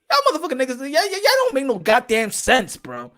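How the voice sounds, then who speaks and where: A man's voice: extremely high pitch, wildly swooping pitch, brisk, hardly any pauses, bright, forceful tone. A man hosting a boxing talk show, ranting heatedly with profanity and repeated phrases. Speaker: boxing commentator.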